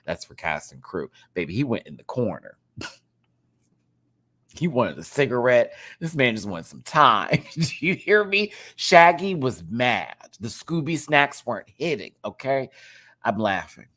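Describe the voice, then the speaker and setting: A woman's voice: a bass voice, sing-song, unhurried, a bit bright. A woman hosting a live reality TV episode review, chatty and teasing, laughing often.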